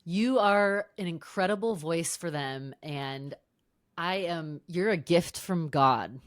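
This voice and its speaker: A woman's voice: on the low side, takes it slowly, no echo, clean studio sound. A woman hosting a podcast, reacting with enthusiasm and emotion to her guest. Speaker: podcast host. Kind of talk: casual chat.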